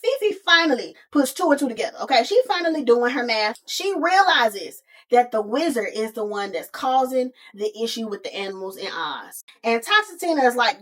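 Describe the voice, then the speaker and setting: A woman's voice: a little high, big pitch swings, normal speed, hardly any pauses. A woman hosting a podcast, retelling a story in a sassy, casual way and calling listeners honey and baby. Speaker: podcast host. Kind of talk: casual movie recap.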